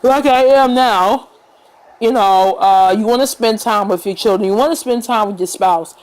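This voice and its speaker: A woman talks straight to her viewers in a casual vlog. Her tone is earnest and gentle, reassuring rather than showy. She takes her time, pausing and filling gaps with small sounds as she thinks. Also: mid-range voice, low-quality recording. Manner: unhurried, with fillers and pauses. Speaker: vlogger. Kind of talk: casual talk to camera.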